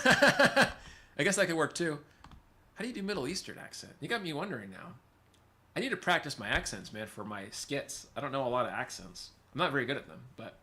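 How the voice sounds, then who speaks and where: A man's voice: mid-range voice, sing-song, quick pace, pushed and bright. A man from California's Central Valley hosting a casual livestream, rambling, laughing often and reading chat aloud. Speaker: livestream host and musician.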